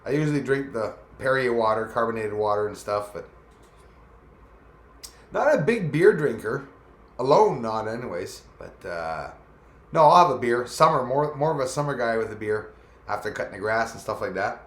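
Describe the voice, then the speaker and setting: A man's voice: medium pitch, very animated, moderate pace. A man hosting a casual live stream, chatting loosely and greeting viewers by name as their comments come in. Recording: echoey room.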